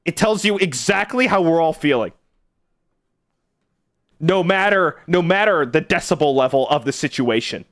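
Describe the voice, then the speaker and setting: A man's voice: fairly high pitch, lively intonation, normal speed, long pauses, a bit bright, no room sound, clean studio sound. A man streaming live, chatting casually with viewers in a sarcastic, argumentative way.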